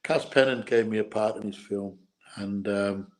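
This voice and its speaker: Emotional Irish man, halting storytelling. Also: fairly low pitch, steady tone, rough recording. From Ireland. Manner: halting, repeats words, tearful at times. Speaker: guest, former boxer.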